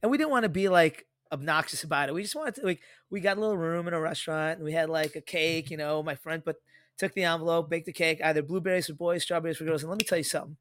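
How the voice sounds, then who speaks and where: A man in his thirties co-hosting a podcast, telling stories in a rambling, animated way with lots of fillers. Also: on the high side, quick pace, a little hiss or hum. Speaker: podcast co-host. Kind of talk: casual podcast chat.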